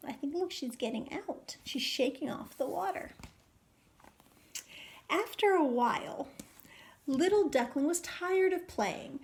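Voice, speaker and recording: A woman teacher reading a picture book aloud to young children, animated and full of questions. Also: high-pitched. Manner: animated, questioning, sing-song.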